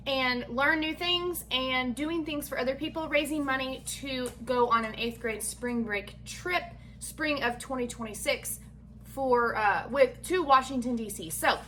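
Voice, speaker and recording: A mother who vlogs her home cooking chats casually from her kitchen, full of self-deprecating humor and folksy warmth. Her pitch leans high, and her tone comes across bright and forceful over a slight hiss or hum.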